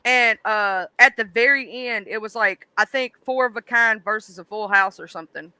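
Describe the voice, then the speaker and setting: A woman's voice: a little high, pushed and bright, clean tone, no echo. A woman hosting a casual livestream chat, playful and teasing, often laughing. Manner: giggly, playful teasing, drawn-out delivery. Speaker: stream host.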